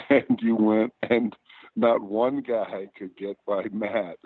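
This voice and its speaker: Older man, 60s, low-ish voice, chuckling, teasing, phone-like dry line. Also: steady tone, slow pace, breathy edge, no echo. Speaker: former NFL head coach, guest. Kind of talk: casual chat.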